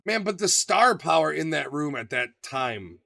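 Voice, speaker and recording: A man co-hosting a casual podcast chat, profane and animated, acting out quotes in his stories. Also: a little high, moderate pace, vocal fry, no room sound. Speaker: podcast co-host.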